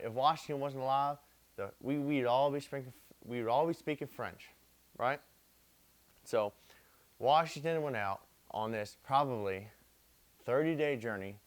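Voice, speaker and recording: Sweary young man rambling through history. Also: medium pitch. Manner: profane, repetitive, street slang. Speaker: drunk storyteller. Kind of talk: rambling drunken history retelling.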